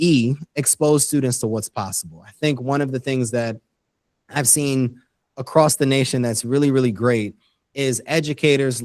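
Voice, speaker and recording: A man's voice: mid-range voice, darkish tone, dry recording. Earnest man explaining step by step. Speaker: guest educator. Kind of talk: interview conversation.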